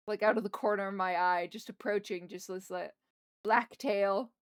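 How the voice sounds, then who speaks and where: A woman's voice: medium pitch, fairly even intonation, moderate pace, clear, resonant tone, no room sound, studio quality. A woman streamer chatting casually from her desk at home while she draws, rambling and talking to her pets. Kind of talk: casual livestream chat while drawing. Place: home desk in a wheeled chair.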